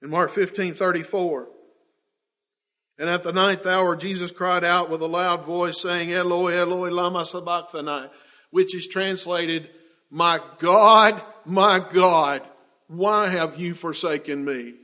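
High-voiced impassioned male preacher. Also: fairly even intonation. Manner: impassioned, swings from loud to hushed, drawn-out emphasis. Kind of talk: sermon.

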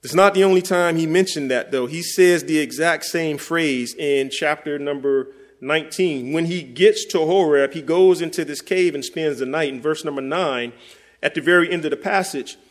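A male preacher delivering a sermon in a relaxed, conversational way, with a voice pitched a bit high for a man. He slows down and weighs each word when reading scripture aloud. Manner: conversational, speaks directly to listeners; reads scripture slowly and deliberately.

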